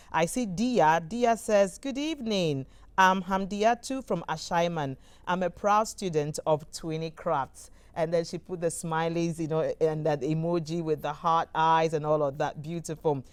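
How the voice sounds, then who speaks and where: A woman's voice: fairly low pitch, smooth. A woman with a Ghanaian English accent hosting a live TV talk show, chatty and bubbly as she reads out viewer comments. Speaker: TV show host.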